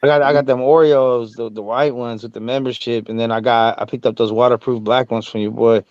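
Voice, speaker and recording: A man's voice: medium pitch, steady tone, fairly quick, darkish tone, no room sound. Laid-back man with a dull lo-fi sound. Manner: laid-back slangy banter. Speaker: podcast co-host. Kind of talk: casual boxing chat.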